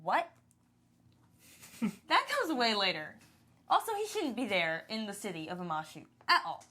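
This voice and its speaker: A woman's voice: mid-range voice, very animated, moderate pace, bright, forceful tone. A woman co-hosting a podcast, chatting casually about a show with a lot of "like" and restarts. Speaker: podcast co-host. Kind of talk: casual chat reviewing a show.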